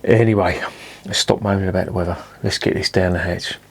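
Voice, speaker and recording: Man, lowish voice, chatty beer reviewer, swears a lot, self-mocking. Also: steady tone, a little fast, heavy background noise. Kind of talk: casual beer review vlog. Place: indoors at home with curtains drawn.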